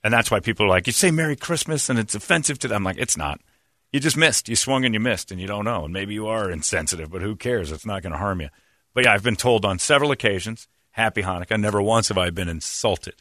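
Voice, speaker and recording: Bright, dry-voiced rambling male host. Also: fairly low pitch, fast talker, no room sound. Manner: rambling, lots of "uh" fillers, animated retelling. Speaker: radio show host. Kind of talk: casual storytelling chat.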